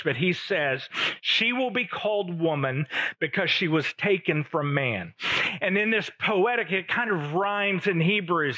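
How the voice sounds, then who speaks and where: A man preaching a sermon, teaching slowly and deliberately with emphatic pauses. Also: sits high, bright, forceful tone, highs cut off. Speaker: pastor.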